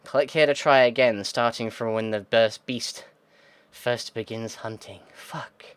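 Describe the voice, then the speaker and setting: Speaking at a measured pace in a mid-range voice with a steady, clean tone, a man reads a text game's descriptions aloud for his gaming video. After reading, he reacts, thinking aloud and muttering frustrated, sweary comments. There's no room sound.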